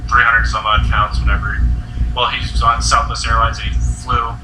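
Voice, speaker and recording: A man's voice: mid-range voice, level tone, moderate pace, background noise. A young man hosting a casual chat, telling a long story full of filler words. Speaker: host. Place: friend's house indoors. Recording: echoey room, mic at a distance.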